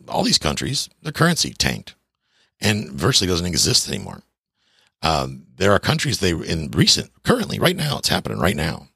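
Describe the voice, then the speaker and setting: A man with a gravelly voice, ranting to viewers about money in a blunt, sarcastic way with folksy slang. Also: extremely low pitch, bright, forceful tone, dry recording, clean studio sound. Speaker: veteran talking about money. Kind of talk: casual rant to viewers.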